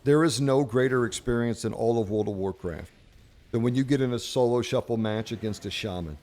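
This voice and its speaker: A man's voice: mid-range voice, fairly quick, darkish tone. A man hosting a casual game commentary video, brash and profane, slipping into mock-preachy pronouncements. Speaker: host.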